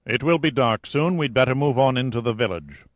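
A man's voice: medium pitch, animated, brisk, dry recording, dull audio, lightly acted. A man voicing a self-assured ex-marine safari leader who speaks in clipped, rehearsed tones, read from a storybook.

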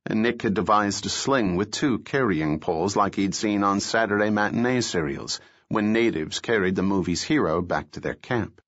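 A man reading a novel aloud as an audiobook, telling the story in a steady, measured way. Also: lowish voice. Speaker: narrator. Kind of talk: scripted audiobook narration. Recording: dull lo-fi recording.

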